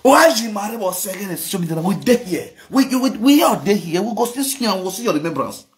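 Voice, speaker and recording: A man with a Nigerian Pidgin accent jokes in a casual gossip chat. His voice is fairly high and swings widely as he chants in a mocking, sing-song way. He sounds playful. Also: animated, a little fast.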